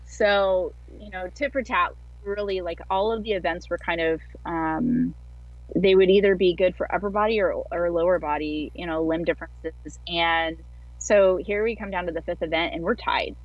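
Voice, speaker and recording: Low-voiced woman chatting over a dull call line. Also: moderate pace, dry recording. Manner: chatty, heavy use of filler words. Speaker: guest athlete. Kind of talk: casual storytelling interview. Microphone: video call. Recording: dull lo-fi online call audio.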